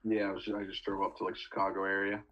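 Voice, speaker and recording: A young man with a low voice co-hosts a casual sports podcast. He tells his stories in a laid-back, easygoing way and laughs easily. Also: monotone, quick pace, dull audio. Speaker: podcast co-host, recruiting coach.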